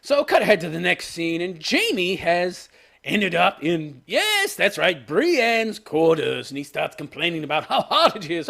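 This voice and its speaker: A man reviewing a TV episode in a sarcastic rant, with bursts of laughter. His gravelly voice sits high and swoops dramatically. He sounds scornful throughout. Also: very animated, moderate pace, fairly bright tone. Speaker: show reviewer. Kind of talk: ranting review vlog.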